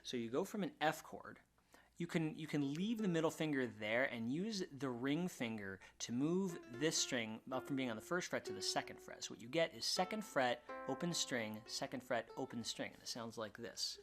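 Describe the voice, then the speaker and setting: A man teaching ukulele in a relaxed, casual way, often restarting his words and counting beats aloud. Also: medium pitch, moderate pace. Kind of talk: casual instructional talk. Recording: ukulele music under voice. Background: ukulele playing.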